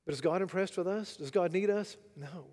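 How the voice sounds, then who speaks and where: A man preaching a sermon, dramatic and rhetorical, swinging between loud declarations and hushed asides. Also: high voice, a little fast, in a large hall. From United States. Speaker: pastor.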